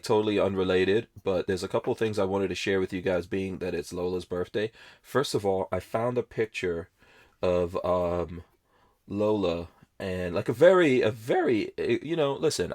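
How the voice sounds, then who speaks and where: A man hosting a podcast, chatting casually and telling rambling stories with frequent laughs. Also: lowish voice. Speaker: podcast host.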